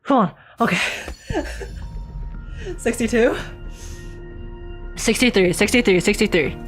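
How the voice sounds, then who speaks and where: A woman streaming live, reacting excitedly to game pulls and chatting with viewers. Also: fairly high pitch, takes it slowly, soft background music.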